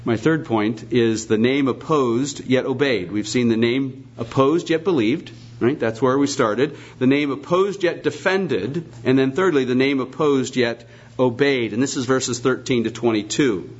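A man's voice: medium pitch, unhurried. A man preaching a sermon, emphatic and repetitive, posing rhetorical questions, in a dull lo-fi recording.

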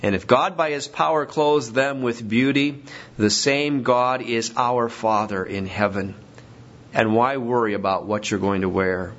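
A man's voice: mid-range voice, a little slow, fairly bright tone. A man preaching a sermon as pastor, emphatic and rising to stress his points. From Washington state. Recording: dull lo-fi recording.

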